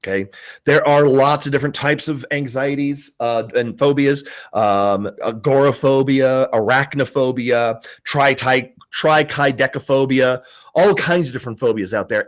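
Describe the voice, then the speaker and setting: A male teacher in his forties talks a class through a lesson in a relaxed, storytelling manner. He stumbles over restarts and fillers, then brightens to act out the people in his anecdotes. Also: medium pitch, a little slow. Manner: conversational, many fillers and restarts, acts out quoted voices.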